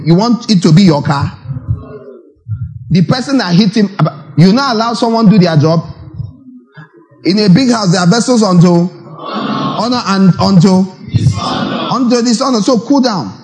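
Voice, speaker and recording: A man preaching a sermon, animated, with rhetorical questions and acted asides. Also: sits high, poor audio.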